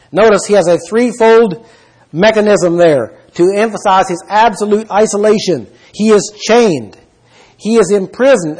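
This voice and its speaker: A man delivering a Bible teaching sermon in a high, husky voice. He speaks emphatically, stops to put questions to his listeners and lists scripture references one after another. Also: poor audio. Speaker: preacher.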